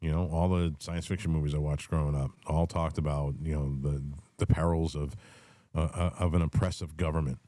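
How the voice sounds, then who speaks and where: A man's voice: a bass voice, fairly even intonation, fairly quick, mellow, no echo. A man in his forties hosting a casual political chat, rambling and swearing in an easygoing way. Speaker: podcast host.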